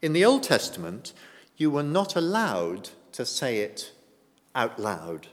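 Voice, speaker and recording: Male preacher, animated delivery, chatty, quizzes the congregation, church echo. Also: medium pitch, slow. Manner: conversational, asks the congregation questions. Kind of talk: sermon.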